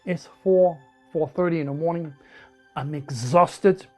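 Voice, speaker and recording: With soft music in the background, a man from the south of France, French by birth and accent, speaks unhurriedly in a slightly high voice. He shares his own stories during an interview, animatedly playing out people's words.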